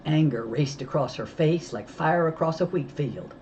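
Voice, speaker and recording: A woman reading a children's novel aloud, telling it with lively storytelling. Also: deep voice, normal speed, highs cut off, a little hiss or hum. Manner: lively storytelling, voicing characters. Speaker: audiobook reader.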